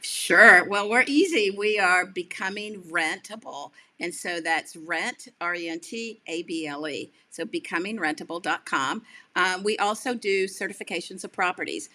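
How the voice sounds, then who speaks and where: Bright, animated woman telling stories. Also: normal speed. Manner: lively, acts out quoted voices with big pitch jumps; chatty, self-correcting, many fillers. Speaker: guest, accessibility advocate. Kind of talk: animated storytelling in a podcast interview.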